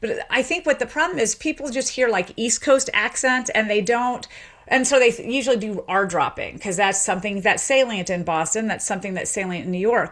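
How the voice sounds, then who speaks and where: A middle-aged woman from the American South, a guest linguist in a radio interview, explaining in an animated way and laughing easily. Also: fairly high pitch.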